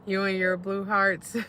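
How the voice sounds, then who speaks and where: Bright-voiced woman chatting slowly on a livestream. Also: medium pitch, slight background noise. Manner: relaxed storytelling, talks straight to viewers. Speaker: livestream host. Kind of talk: casual live-stream chat while eating.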